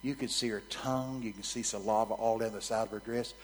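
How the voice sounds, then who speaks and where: A man preaching a sermon, telling a story vividly in a frank, conversational way that swings from soft near-whispers to loud, emphatic bursts. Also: fairly low pitch, steady tone, a little fast, slight background noise, rough recording.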